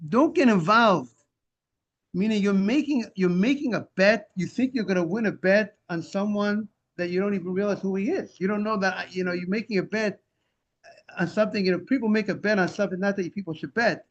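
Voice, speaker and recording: Man, high-pitched, runs a Talmud class, animated explainer, lo-fi call audio. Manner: animated explaining, translating Hebrew and Aramaic phrases. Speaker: rabbi teaching Talmud. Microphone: video call. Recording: dull lo-fi video call audio.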